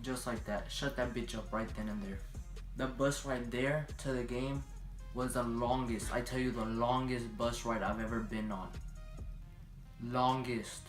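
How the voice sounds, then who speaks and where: A young man telling a story in a casual vlog, profane and animated, acting out every voice. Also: mid-range voice, unhurried, reverberant, soft background music.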